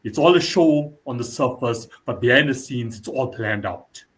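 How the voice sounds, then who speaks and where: A man hosting a casual interview, conversational, repeating his key points and filling pauses with "you know". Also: medium pitch, fairly bright tone.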